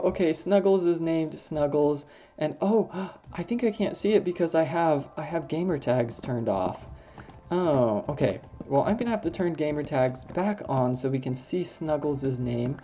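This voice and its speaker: A young woman giving casual, rambling commentary while she plays a building game, often breaking into sudden high-pitched exclamations. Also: unhurried, mellow. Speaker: gaming video host.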